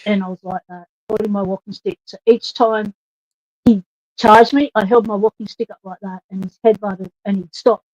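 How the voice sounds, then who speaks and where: A woman's voice: medium pitch, fairly even intonation, moderate pace, darkish tone, no echo, poor audio. A woman, chatting on a video call and telling a story from her own life. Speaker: guest. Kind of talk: casual chat.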